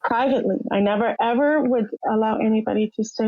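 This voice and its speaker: Talking a little fast with few pauses, an older woman from Canada uses a slightly high voice with vocal fry. As a podcast guest she shares her personal story candidly and emotionally, voicing its characters. Audio is muffled, lo-fi and dry with no echo.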